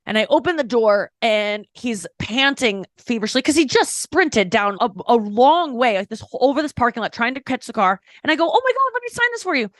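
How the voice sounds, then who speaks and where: A woman's voice: on the high side, fairly bright tone, no echo, studio quality. A woman stand-up comedian in a candid interview, talking frankly and emphatically, breaking off to correct herself and acting out quotes as she tells stories. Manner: frank, storytelling with acted-out quotes; quick, emphatic, self-correcting. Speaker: stand-up comedian, podcast guest.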